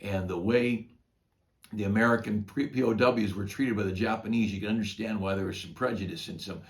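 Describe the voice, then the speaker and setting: A man's voice: fairly low pitch, steady tone, brisk. An older man, a pastor, retelling a Bible story in a folksy, conversational devotional talk.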